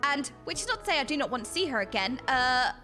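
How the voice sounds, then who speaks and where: A woman's voice: high voice, very animated, fast talker, sharp tone, faint music behind, heavily acted. A woman voicing an earnest, humble young male mage, reading game dialogue in a formal, flustered way.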